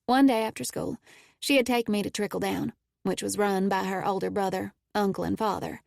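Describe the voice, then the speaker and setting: A woman narrates a first-person audiobook in a steady, intimate way. Her voice has a noticeably gravelly texture at mid pitch, and the recording is dry and close with no room sound. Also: brisk, no echo.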